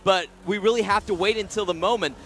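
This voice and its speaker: A man analyzing an esports game in a measured way, walking through the play. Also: sits high, fairly bright tone, a little hiss or hum.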